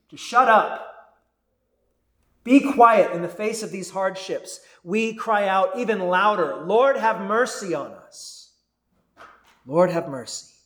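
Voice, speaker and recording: A man preaching a sermon as pastor, earnest and deliberate, rising to fervent cries. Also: high-pitched, a bit bright, reverberant.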